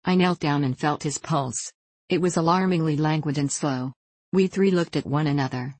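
A woman reads a classic adventure novel aloud with a measured, storytelling delivery. Her voice sits low. The sound is dry and close, with no room around it. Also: a little mellow, no room sound. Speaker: audiobook narrator. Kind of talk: audiobook reading of a classic novel.

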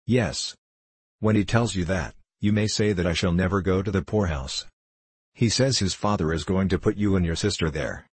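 A man voicing a warm-hearted, loyal teenage boy who talks eagerly to his friend. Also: low-pitched, moderate pace, breathy edge, no room sound.

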